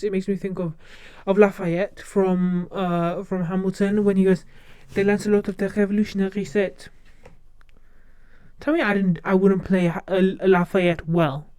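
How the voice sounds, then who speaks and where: Smooth-voiced chatty streamer. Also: medium pitch, a little mellow, no room sound. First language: not English. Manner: rambling, chatty, repeats words and restarts. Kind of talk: casual chat.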